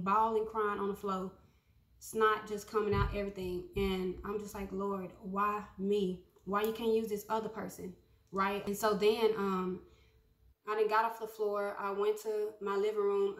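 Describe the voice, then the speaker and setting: A woman's voice: mid-range voice, roomy sound. Woman giving a casual prophetic message. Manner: conversational, repeats phrases, many ums. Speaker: prophetic speaker.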